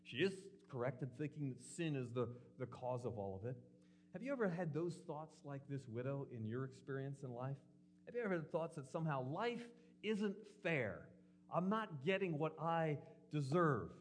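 A man's voice: fairly high pitch, expressive, normal speed, slight background noise. A man preaching a sermon in an earnest way, asking rhetorical questions and acting out quotes.

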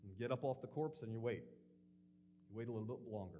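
A man's voice: medium pitch, lively intonation, fairly quick, slight background noise. A man preaching a sermon in an earnest way, asking rhetorical questions and acting out quotes.

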